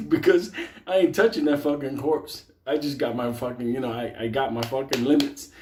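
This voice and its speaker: A man's voice: medium pitch, a little fast, dark tone. A man telling a story to a live audience, swearing constantly and laughing as he goes.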